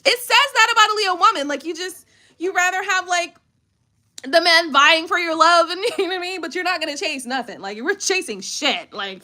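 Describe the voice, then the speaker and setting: A woman tarot reader in casual chat, reading aloud from a book with chatty, animated asides and frequent laughter. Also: extremely high pitch, normal speed.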